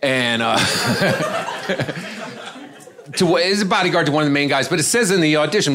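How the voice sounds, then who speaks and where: A male stand-up comedian with a voice a little higher than most men tells a story on a club stage. He talks animatedly into a handheld mic and chuckles between beats. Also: expressive, a little slow, long pauses, sharp tone.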